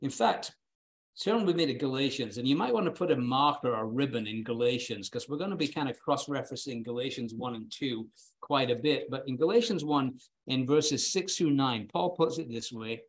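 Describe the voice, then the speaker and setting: A man's voice: medium pitch, moderate pace. A male preacher delivering a sermon in an earnest, emphatic way, often repeating words as he stresses a point.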